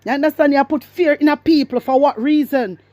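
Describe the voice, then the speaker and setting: A woman's voice: sits high, fairly quick, dark tone, dry recording. A woman with a Jamaican accent giving emphatic, repetitive political commentary to her viewers, mixing in patois. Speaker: commentary vlogger.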